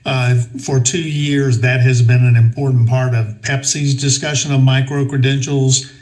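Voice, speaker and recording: A man chairing a public commission meeting. He has a middle-pitched voice and speaks in a measured, formal and procedural way as he moves through the agenda. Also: little pitch movement, darkish tone, poor audio.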